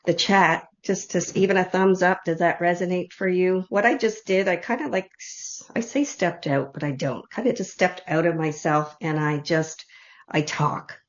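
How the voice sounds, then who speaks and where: A woman leading an online group reading, speaking softly and heartfelt in loose, run-on phrases. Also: on the low side, normal speed. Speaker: intuitive reader leading an online group session. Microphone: video call. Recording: dull lo-fi video call audio.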